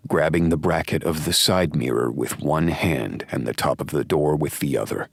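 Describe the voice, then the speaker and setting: A man with a very deep, gravelly voice reads a romance audiobook in first person. His delivery is tense and clipped, with a husky edge, recorded close and dry. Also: fairly bright tone, no room sound. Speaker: audiobook narrator.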